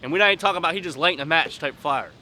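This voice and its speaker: A man preaches outdoors in a high, bright, forceful voice. His speech is blunt and emphatic, in rough street vernacular. Faint traffic hums behind him. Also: racing.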